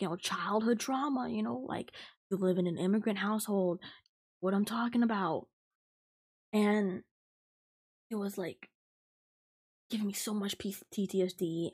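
A woman's voice: medium pitch, gravelly, a little mellow, husky. A young adult woman hosting a podcast, ranting and swearing as she dramatically retells a work story. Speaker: podcast host. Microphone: podcast mic, recorded live.

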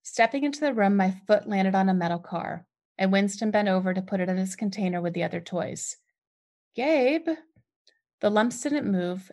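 A woman author reading her own novel in the first person, lifting her voice sharply for the lines of dialogue. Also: mid-range voice. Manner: expressive, lifts voice sharply for dialogue.

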